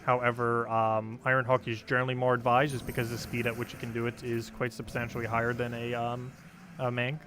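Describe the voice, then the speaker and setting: Over some background noise, a young guy on a gaming stream talks quickly in a monotone, medium-pitched voice. He responds to chat and wanders through strategy advice, filling it with ums and likes.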